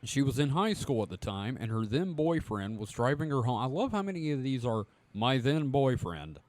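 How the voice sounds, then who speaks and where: A man's voice: medium pitch, big pitch swings, normal speed, a little mellow, no echo. A man co-hosting a podcast with a cough, chatting casually, cursing freely and reading out news articles. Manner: rambling, profane, self-mocking. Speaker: podcast co-host.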